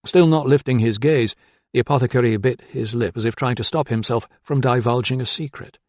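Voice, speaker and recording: A man narrating an audiobook with a dramatic, expressive reading. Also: mid-range voice, brisk, no room sound.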